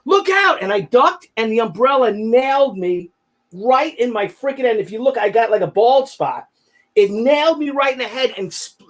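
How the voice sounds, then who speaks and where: Excitable man telling a story. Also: very high voice. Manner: animated, acts out the people in his stories; slangy and excitable. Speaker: show host. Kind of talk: casual storytelling chat.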